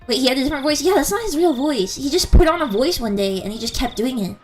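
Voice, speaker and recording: A giggly woman streamer chatting with her viewers, her voice pitched a little high and swinging up and down a lot. She rambles and restarts sentences, speaking into a handheld mic held close, with faint music behind her. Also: lively intonation, quick pace, hardly any pauses, darkish tone. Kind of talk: casual live-stream chat.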